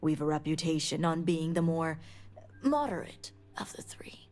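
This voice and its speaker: An actress playing a guarded female noble elder and spymaster in a video game, speaking in a measured, formal way with breathy edges. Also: sits low, expressive, darkish tone. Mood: stern. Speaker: game character.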